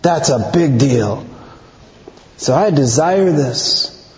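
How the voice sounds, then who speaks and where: A man's voice: medium pitch, expressive, slow pace, a little mellow, slight background noise. A man preaching a sermon, emphatic, repeating phrases and asking rhetorical questions. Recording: echoey hall, dull lo-fi sound.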